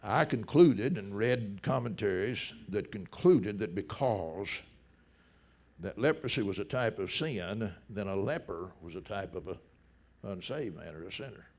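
A middle-aged man preaches in a folksy, storytelling sermon voice. His low, gravelly tone rises into loud bursts and drops to near hush. The recording sounds dull and lo-fi. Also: animated, a little slow.

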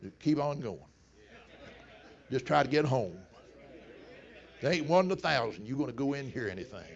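A middle-aged man preaching a sermon, telling stories in a folksy way that swings between loud bursts and hushed low passages. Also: expressive, moderate pace, gravelly. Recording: dull lo-fi sound.

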